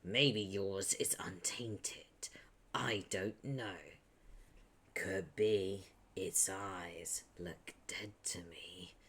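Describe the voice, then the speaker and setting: A man puts on a stoic young man with a deep Texan drawl who speaks slowly and flatly. His words sink into rough whispers at times. It is a comic read-aloud with a very low, unhurried delivery. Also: full character voice. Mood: stubborn. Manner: slow, flat menace, drops to whispers.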